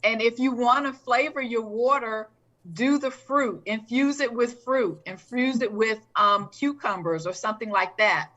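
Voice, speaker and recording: A woman giving measured, somewhat hesitant advice in a casual chat. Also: on the high side, pushed and bright, dull audio.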